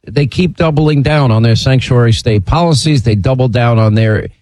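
A man hosting a talk radio show, speaking in a brisk, emphatic way. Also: mid-range voice, a little mellow, poor audio.

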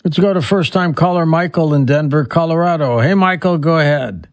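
Man, radio host, relaxed, conversational, dry studio sound. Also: fairly high pitch, a little fast, dry recording. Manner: relaxed, conversational, takes calls. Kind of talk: radio talk show hosting.

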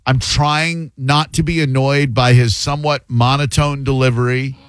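A man's voice: mid-range voice, fairly even intonation, normal speed, clean tone, no room sound. A man hosting a talk radio show, chatting casually and making sarcastic jokes. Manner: joking, sarcastic asides. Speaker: radio host.

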